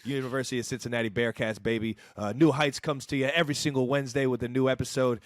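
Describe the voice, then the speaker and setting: A man from Ohio co-hosting a sports podcast in casual, playful chat, talking in an animated way with lots of "like" and casual swearing. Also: mid-range voice, quick pace, no room sound, clean studio sound. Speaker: podcast co-host.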